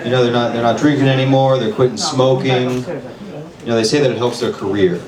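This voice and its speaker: A man's voice: medium pitch, fairly quick. A man doing open mic stand-up, nervous and self-deprecating, chatting with the audience. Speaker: stand-up comedian. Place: small bar venue with audience. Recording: echoey room with crowd, mic far off.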